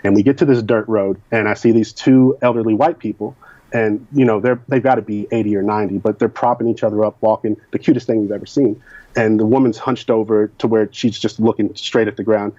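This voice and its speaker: Candid male interview guest from Kentucky, low mellow voice, dull lo-fi sound. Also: fairly even intonation, brisk, dry recording. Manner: candid and frank. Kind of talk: recounting personal experiences. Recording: dull lo-fi recording.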